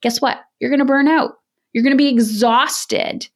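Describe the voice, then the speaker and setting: A middle-aged woman talking as a parenting coach in a podcast interview, direct and energetic, often acting out quoted voices. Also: high voice, moderate pace. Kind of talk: candid podcast interview talk.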